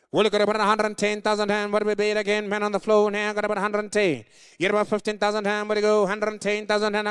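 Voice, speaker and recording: Fast-chanting auctioneer. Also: male voice, high voice, a bit bright, clear, resonant tone, no echo, clean studio sound. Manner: fast rhythmic chant, pleading for bids. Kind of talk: rapid live auction calling.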